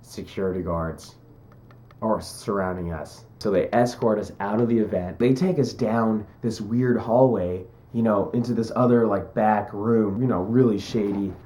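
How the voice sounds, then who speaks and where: Vlogging at normal speed, a young man with a mellow, fairly low voice tells a story casually. He jokes around in a chatty way and acts out people's quotes.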